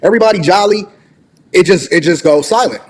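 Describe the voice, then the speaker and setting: A man in his forties telling a story in an animated way, loudly acting out what people said. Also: sits high, slight background noise. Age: 40s. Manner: rapid, acts out quoted dialogue loudly. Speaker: podcast storyteller.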